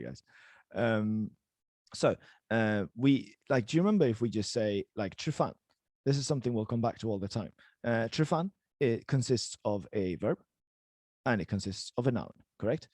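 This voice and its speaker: Lively encouraging man teaching online. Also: mid-range voice, no echo. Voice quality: casual, encouraging, many fillers. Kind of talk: live online language class. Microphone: video call.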